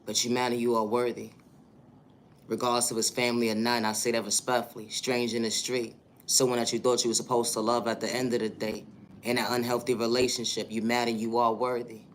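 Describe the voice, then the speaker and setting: A man's voice: medium pitch, flat delivery, brisk, slight background noise. A man hosting a livestream and speaking a motivational monologue, with affirming lines and repeated catchphrases. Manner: repetitive, affirming, rhythmic catchphrases. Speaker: livestream host.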